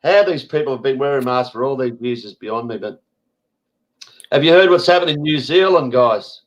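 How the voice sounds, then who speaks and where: An Australian man hosting a casual online roundtable over a video call, blunt and quick to swear. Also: medium pitch, lo-fi sound. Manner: blunt, swears freely, irritable asides. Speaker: host.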